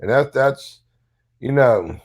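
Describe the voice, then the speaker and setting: A man's voice: mid-range voice, expressive, slow, a little mellow, muffled recording. An older man with a Southern US accent, a recovery advocate talking bluntly and profanely in a casual chat.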